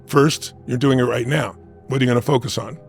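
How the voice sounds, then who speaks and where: A man with a heavily gravelly voice, speaking at a middle pitch, answers an interview question like a motivational speaker. He talks emphatically and conversationally and keeps checking in with "right?". Faint music sits underneath. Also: fairly even intonation, brisk. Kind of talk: interview answer with personal storytelling.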